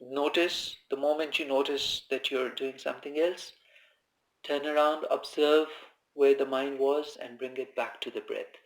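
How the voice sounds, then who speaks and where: A man giving informal spoken meditation instruction, calm and conversational, who repeats his key phrases. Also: medium pitch, measured pace. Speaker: meditation teacher. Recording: echoey room.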